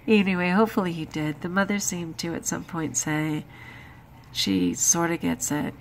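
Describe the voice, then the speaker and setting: A woman's voice: on the low side, a little fast, a little hiss or hum. An exhausted woman talking through her day in a chatty, emphatic personal vlog. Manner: chatty, emphatic, with frequent laughs and exclamations. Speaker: vlogger.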